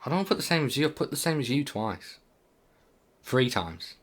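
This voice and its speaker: In brisk, very animated speech, this podcast co-host chats casually about football, poking fun at himself and breaking into easy laughter. He's a young British man with a British English accent and a mid-range voice.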